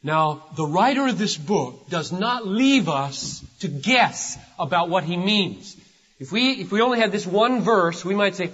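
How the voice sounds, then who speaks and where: An older man, a pastor, preaching an impassioned sermon that swells from hushed to loud and urgent. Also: high-pitched, big pitch swings, normal speed. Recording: dull, echoey hall recording.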